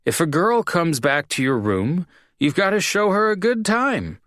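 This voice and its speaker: A man's voice: on the high side, very animated, measured pace, fairly bright tone, no room sound, clean studio sound, voice pushed up. A man reading an audiobook, voicing a drunk, self-pitying young bartender who mumbles and slurs. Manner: slurred, mumbling. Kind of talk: audiobook character voice.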